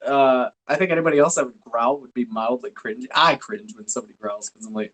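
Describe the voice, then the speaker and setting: A man's voice: medium pitch, a little fast, a bit bright, low-quality recording. Man, casual guest; rambling and self-deprecating. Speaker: podcast guest, cosplayer. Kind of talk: casual chat.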